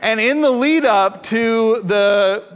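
A man, likely in his thirties, preaching a sermon as pastor with animated, playful storytelling. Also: high voice, slow pace, smooth, long reverb tail, some chatter behind.

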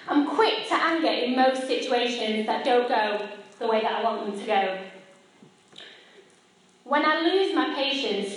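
A high-pitched woman in her thirties gives a personal faith talk, chatty and self-deprecating as she speaks directly to the crowd. Her voice rings through a large, very echoey hall. It is picked up from some distance away. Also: fairly bright tone. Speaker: speaker at a church gathering.

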